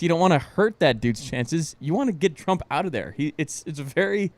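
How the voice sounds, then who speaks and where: A man with a voice on the high side co-hosts a casual podcast chat, ranting animatedly and briskly with heavy swearing and frequent laughter. There's no echo on the recording.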